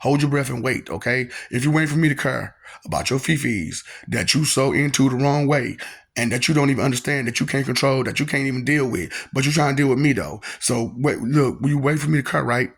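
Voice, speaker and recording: A man's voice: medium pitch, a little fast, gravelly, a bit bright, breathy edge. A man talking in a freewheeling, taunting monologue, repeating lines and laughing often.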